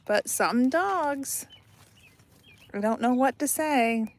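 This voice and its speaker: A woman's voice: a little high, takes it slowly, creaky. Chatty laughing woman by her chickens. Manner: chatty, laughs often, trails off and repeats herself. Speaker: homesteading vlogger. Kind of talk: casual chat to camera. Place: outdoors by a backyard chicken coop.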